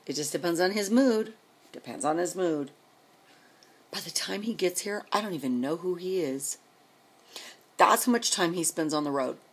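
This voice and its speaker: Husky low-voiced woman ranting to the camera, fed up, rambling and sarcastic. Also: lively intonation, normal speed, pauses often. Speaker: vlogger. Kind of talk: venting rant to camera.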